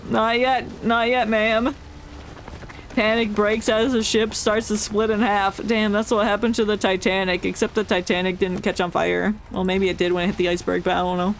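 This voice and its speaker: Streamer voicing game text live, jokey asides and laughs, mid-pitched. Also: level tone, normal speed, slight background noise. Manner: playful, laughing, joking asides. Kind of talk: reading game story aloud with live reactions.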